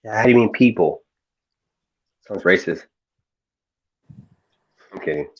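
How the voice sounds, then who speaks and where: A playful man chats casually on a voice call, joking around. His voice sits fairly low, and the audio comes through a little dull and lo-fi. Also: animated, measured pace. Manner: playful, joking, trying out British place names. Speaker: chat participant. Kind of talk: casual voice chat.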